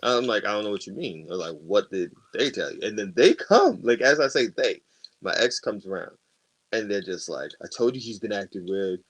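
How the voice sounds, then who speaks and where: A man's voice: on the low side, very animated, moderate pace, slightly rough. A man co-hosting a podcast, telling a story in casual chat with lots of profanity and laughter. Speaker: podcast co-host.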